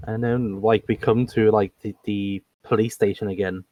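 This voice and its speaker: A man's voice: lowish voice, fairly even intonation, moderate pace, no echo, highs cut off. A young man co-hosting a movie podcast, chiming in with short quips. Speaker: podcast co-host. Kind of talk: casual movie review chat.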